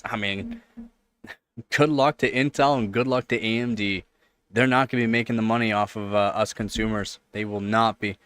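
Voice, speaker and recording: A man's voice: on the low side, fairly bright tone. A man with a Canadian accent, hosting a live stream and chatting casually, rambling and repeating points for emphasis. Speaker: livestream host.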